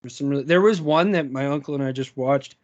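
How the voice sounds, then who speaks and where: A man's voice: mid-range voice, fast, no echo. A young man co-hosting a podcast, chatting casually, laughing through his stories and swearing often. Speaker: podcast co-host. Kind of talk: casual chat. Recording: dull lo-fi sound.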